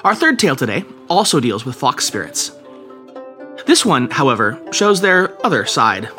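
A man narrating folk ghost tales in a measured, dramatic storytelling manner. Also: medium pitch, huge pitch swings, pushed and bright, faint music behind. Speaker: podcast storyteller.

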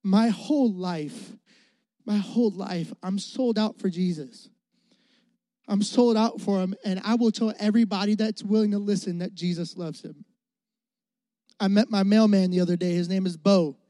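A man's voice: high-pitched, fairly even intonation, moderate pace, mellow, no room sound. A young adult man, a youth pastor, preaching a sermon with emphatic repetition and rising and falling volume.

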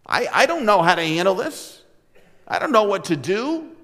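A man's voice: high-pitched, big pitch swings, moderate pace, a bit bright. A male pastor acting out a timid, anxious man who protests that he is a nobody, hesitant and stammering, in a reverberant hall. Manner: hesitant, self-doubting, stammering. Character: timid anxious man pleading his unworthiness.

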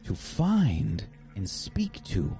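GM doing a slow, gravelly male envoy of a secret order, cryptic and probing. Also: lowish voice, wildly swooping pitch, mellow, soft background music, heavily acted. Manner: slow, insistent, probing questions.

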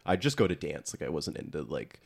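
A young man with a notably low, deep voice chats loosely on a podcast, drifting off topic and breaking into laughter. He tells stories in loose run-on bursts, quoting memes in exaggerated voices. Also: big pitch swings, brisk, vocal fry, slightly rough. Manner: rambling, laughs often, quotes memes. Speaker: podcast co-host. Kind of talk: casual chat.

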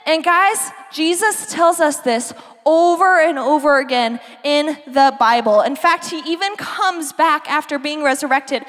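A woman's voice: sits high, unhurried, fairly bright tone. A young woman preaching to a youth group in a bubbly, chatty way, talking straight to the kids. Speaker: youth pastor. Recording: long hall reverb.

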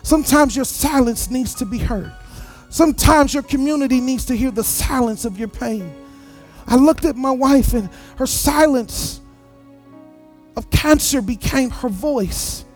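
A man's voice: very high voice, unhurried, soft background music. A man preaching a sermon as pastor, in a sing-song preaching cadence with repeated phrases.

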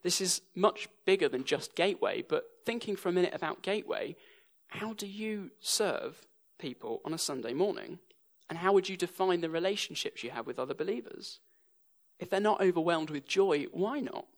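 A man's voice: sits high, lively intonation, normal speed. A young English man preaching a sermon, telling stories with a dry sense of humour. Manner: dry humour woven into storytelling.

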